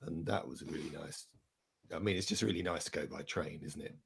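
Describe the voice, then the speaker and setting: A man talking hesitantly and relaxed about travel in an online group chat over a video call. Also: a bass voice, gravelly, breathy edge. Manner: hesitant, relaxed, many pauses. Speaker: guest.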